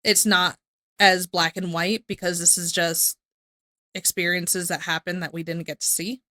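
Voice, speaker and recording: A woman talks through her reactions in a loose, rambling way, often stopping to correct herself. Her voice is bright and forward. The sound is dry, with no room echo. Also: lowish voice, flat delivery, a little slow. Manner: rambling, self-correcting, reads messages aloud. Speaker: reaction commentator. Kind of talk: casual reaction commentary.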